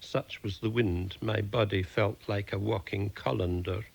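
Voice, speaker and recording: A man reading his own comic short stories aloud in a dry, deadpan manner. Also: on the low side, unhurried, creaky, husky. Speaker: storyteller.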